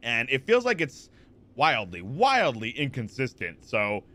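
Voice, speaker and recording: A man streaming from a home setup, chatting casually with viewers. He rambles in a lively way, reads chat messages aloud and answers them, with plenty of fillers and restarts, close to a desk mic. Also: mid-range voice, measured pace. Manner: rambling, animated, lots of fillers and repeats. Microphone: desk microphone.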